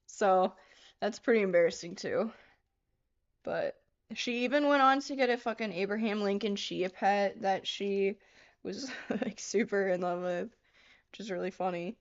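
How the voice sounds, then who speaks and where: Unhurried and mid-range, the young woman's voice comes through a muffled recording. She's hosting a relaxed livestream, crafting as she giggles, swears freely and reads viewer comments out loud.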